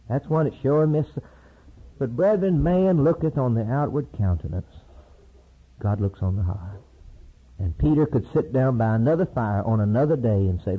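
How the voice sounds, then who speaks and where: A male preacher delivers a sermon, swinging from loud high cries to low hushed storytelling. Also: animated, normal speed, husky. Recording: tinny lo-fi sermon tape.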